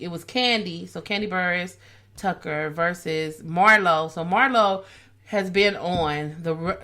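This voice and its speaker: A woman co-hosting a podcast, telling stories in a chatty, animated way. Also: fairly low pitch. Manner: chatty storytelling, animated retelling. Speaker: podcast co-host. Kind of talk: casual chat.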